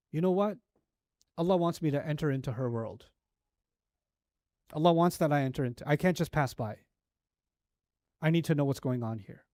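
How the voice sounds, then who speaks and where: A man giving a sermon-style lecture on scripture. He tells the story in an animated way, with rhetorical questions and casual fillers like "like" and "you know". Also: on the high side, dry recording, clean studio sound. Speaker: Quran teacher.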